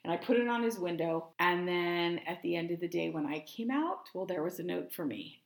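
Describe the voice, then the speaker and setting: A woman sharing self-help tips through a casual personal story, chatty and lively, often repeating words as she goes. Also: lowish voice, fairly quick, vocal fry, hardly any pauses. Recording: roomy echo.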